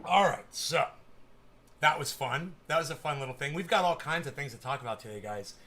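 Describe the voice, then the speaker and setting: A man's voice: on the high side, fairly quick, sharp tone, a little hiss or hum. A man hosting a live stream, ranting casually with lots of swearing and stammered repeats. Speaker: livestream host. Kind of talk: casual livestream rant.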